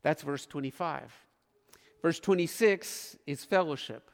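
A man preaching a sermon as pastor, earnest, with emphatic pauses. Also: on the high side, gravelly, in a large hall.

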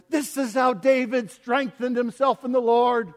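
A man preaching a sermon as pastor, impassioned, swinging from quiet to loud and piling up rhetorical questions. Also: very high-pitched, unhurried, few pauses. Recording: long hall reverb.

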